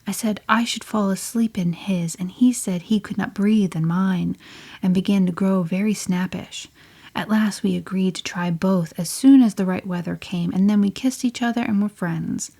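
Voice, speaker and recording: A woman voicing a spirited, headstrong teenage girl telling her story in an audiobook, often sinking to a breathy near-whisper. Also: mid-range voice, dark tone. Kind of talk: audiobook reading.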